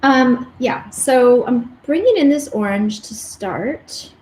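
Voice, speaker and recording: A woman's voice: a little high, lively intonation, takes it slowly, darkish tone. Woman art teacher, chatty and rambling, live painting stream, roomy room with faint hum. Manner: chatty, rambling, with many restarts. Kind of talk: casual live-stream chat while painting. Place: home art studio.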